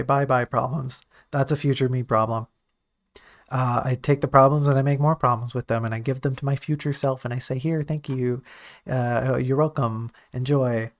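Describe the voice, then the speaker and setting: A man with a gravelly, creaky voice talks through his own writing on a casual stream. He thinks aloud and is quick to poke fun at himself. His pitch sits in the middle range for a man. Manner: thinking aloud, self-critical and joking. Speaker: writer reviewing his own draft on stream.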